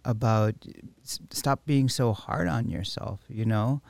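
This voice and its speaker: Slow-paced male host, halting and reflective, close dry sound. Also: mid-range voice, vocal fry, a little mellow, no echo. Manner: halting, many restarts and "you know". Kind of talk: reflective recovery conversation.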